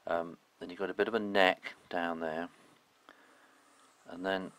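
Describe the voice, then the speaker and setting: A man's voice: low voice, fairly even intonation, a little slow, a bit bright, clean tone, poor audio. A man, an illustrator, giving a casual, chatty spoken drawing tutorial with frequent ums and loose phrasing.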